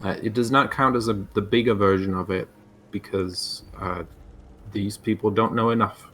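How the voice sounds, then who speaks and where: Low-voiced, blunt man player. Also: steady tone, normal speed, a bit bright. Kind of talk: tabletop game banter.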